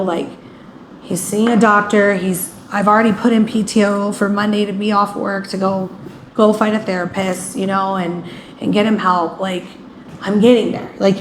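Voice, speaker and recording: A woman guest telling a painful personal story in a rambling way, with many fillers, often acting out what people said. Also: mid-range voice. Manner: rambling, many "like" fillers, acts out quoted speech. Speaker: interview guest. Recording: echoey room with faint ambient noise.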